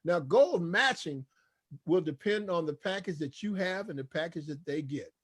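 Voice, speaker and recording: Man, higher-pitched voice, upbeat, preacher-style sales presenter. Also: lively intonation, moderate pace, husky. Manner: preachy, call-and-response; enthusiastic, repetitive hype.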